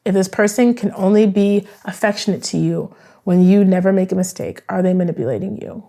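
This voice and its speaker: A woman's voice: medium pitch, brisk, dark tone. A woman therapist explaining in a chatty, conversational way. She often checks in with the listener by asking "right?". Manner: chatty, acts out both sides of dialogues.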